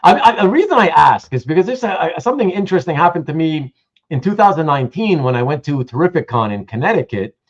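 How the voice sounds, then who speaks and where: A chatty man hosts a casual online show, his voice fairly high and bouncing up and down as he talks. He keeps restarting his sentences and reads comments aloud, and the stream audio sounds dull and lo-fi. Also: big pitch swings, fast talker. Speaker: host. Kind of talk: casual livestream chat.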